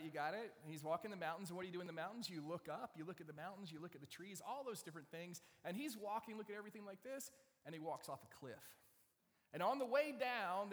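A man's voice: a little high, fairly bright tone, in a large hall. A man preaching a sermon in a conversational way, often asking the audience questions. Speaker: pastor.

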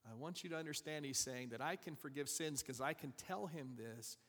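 A man preaches a Bible lesson, his voice slightly higher than most men's and ringing with a long hall reverb. He walks through the verses, pausing to talk straight to his listeners with casual asides. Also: a bit bright. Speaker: pastor. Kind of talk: sermon.

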